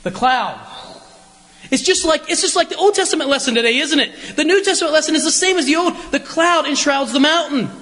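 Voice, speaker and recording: High-voiced man preaching in a reverberant church. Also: brisk. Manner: lively, joking, asks the congregation questions. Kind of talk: conversational sermon. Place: church sanctuary.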